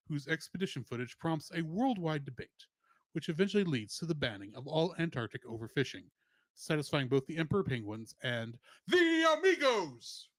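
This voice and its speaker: A man's voice: mid-range voice, no room sound. A man co-hosting a podcast, reading a plot summary and film trivia with playful asides. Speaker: podcast co-host.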